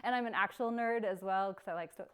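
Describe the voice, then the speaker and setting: A woman's voice: medium pitch, fast, a bit bright, clear, resonant tone. A young woman giving a casual live workshop, chatty and bubbly, laughing often. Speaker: workshop presenter.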